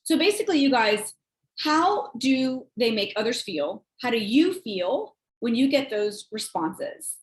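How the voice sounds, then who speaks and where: A woman and sales team leader giving casual coaching talk, chatty and rambling, acting out quoted texts in a higher voice. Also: sing-song, measured pace, echoey room, poor audio.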